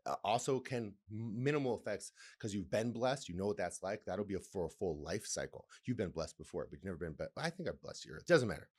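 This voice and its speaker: A male podcast host with a somewhat low voice talks on his own, reading a text aloud and riffing on it. He laughs a lot, swears casually and rambles in a playful way. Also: animated, brisk, darkish tone, husky. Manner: laughs often, swears, reads aloud and comments. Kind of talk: casual solo podcast talk.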